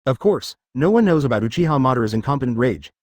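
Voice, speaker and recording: A man's synthetic voice narrating a web novel, reading everything in an even, machine-like way. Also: mid-range voice, fast, no room sound. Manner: flat synthetic reading, reads markup aloud.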